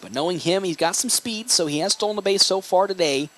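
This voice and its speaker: A young man calling baseball play-by-play, excitable and rising on big plays. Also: high-pitched, quick pace. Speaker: play-by-play announcer.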